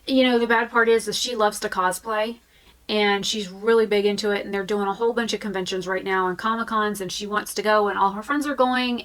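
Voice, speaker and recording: A woman's voice: mid-range voice, fairly bright tone, poor audio. A woman vlogging in a frank, chatty way, with fillers and restarts. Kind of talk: candid casual talk to camera.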